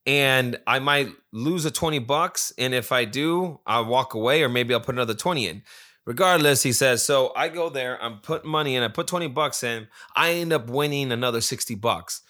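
A man's voice: medium pitch, lively intonation, moderate pace, bright, forceful tone. A man casually telling a rambling, profane story about a friend, with many restarts and quoted asides.

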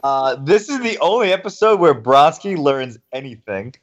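A man co-hosting a casual podcast, relaxed and easygoing. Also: on the high side, normal speed, dull audio. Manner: relaxed, says like and dude a lot. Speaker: podcast co-host. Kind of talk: casual chat.

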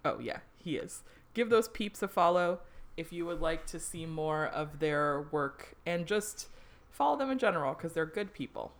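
Woman, low-pitched, podcast co-host, casual chat, relaxed, filler-heavy. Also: normal speed.

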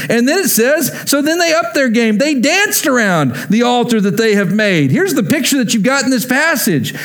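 A man with a fairly high voice preaches in a church. He is animated and playful, acts out the scenes he describes and drops in humorous asides. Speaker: pastor. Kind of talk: sermon.

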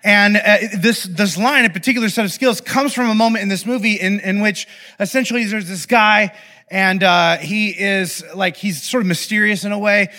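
A young man speaks to a live audience in an animated, playful way, regularly checking in with his listeners. His voice sits high for a man and sounds bright and forward, with a lot of pitch movement. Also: moderate pace. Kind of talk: lively talk to a live audience.

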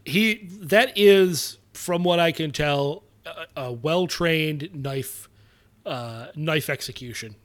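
A man co-hosting a podcast who talks about a film in casual, eager chat with halting restarts. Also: fairly high pitch. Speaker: podcast co-host.

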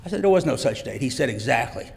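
A man's voice: medium pitch, very animated, fast talker, vocal fry. A middle-aged man giving a heartfelt, emotional personal testimony in a church. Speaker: church guest speaker, father. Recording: long church reverb.

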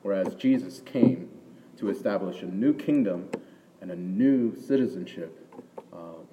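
A man preaching a sermon in a conversational way, often checking in with the audience with a quick "right?". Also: deep voice, expressive, highs cut off, slight background noise. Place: church hall with an audience. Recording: distant mic in a reverberant hall.

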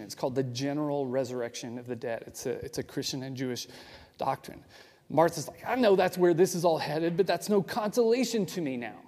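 Mellow-voiced preacher in a reverberant hall. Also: male voice, a little high. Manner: casual, explanatory, with frequent asides. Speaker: pastor. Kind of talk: conversational sermon. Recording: long reverb of a large hall.

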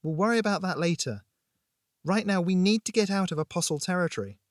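A man voicing a frightened, wounded young woman survivor, his voice raised high and urgent. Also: sing-song, slow pace, no echo, clean studio sound. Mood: insistent. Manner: pleading, sharp and urgent.

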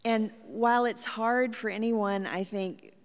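A woman's voice: a little high, measured pace. A woman pastor telling a personal story in a reflective sermon. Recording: long hall reverb.

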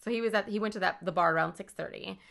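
A woman co-hosting a podcast casually recounts a true-crime story, joking, swearing, and slipping into playful mock voices. Her mid-range voice is a bit bright with vocal fry, and she talks rapid-fire.

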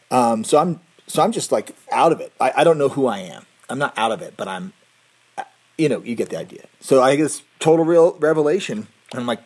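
Husky-voiced man telling a personal story. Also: mid-range voice, a little mellow. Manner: rambling, self-correcting, with laughs and restarts.

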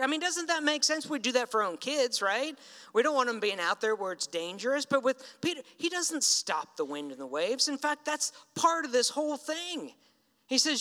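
Storytelling preacher in a reverberant hall. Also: male voice, very high-pitched, sing-song, normal speed, pushed and bright. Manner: conversational storytelling, acts out quoted lines. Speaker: pastor. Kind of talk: sermon.

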